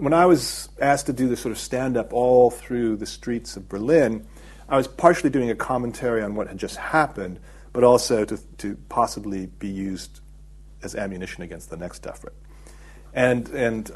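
Husky low-voiced man, thoughtful. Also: a little mellow. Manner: thoughtful, explanatory, pauses often with fillers. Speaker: documentary filmmaker, interview guest. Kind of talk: reflective interview talk.

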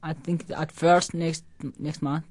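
A young man in his twenties with an Iraqi Arabic accent, an Arabic speaker answering interview questions in brief, halting English. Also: fairly high pitch, flat delivery, darkish tone, no echo. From Iraq. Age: 20s. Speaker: boxer.

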